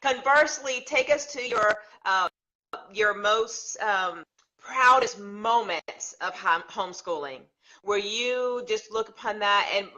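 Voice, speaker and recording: A woman hosting a podcast interview, asking encouraging, drawn-out questions. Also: mid-range voice, bright, forceful tone, dull audio. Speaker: podcast host.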